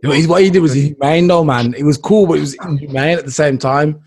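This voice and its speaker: A man's voice: a little high, quick pace, a little mellow. A man in casual group chat, chiming in with short agreeing remarks.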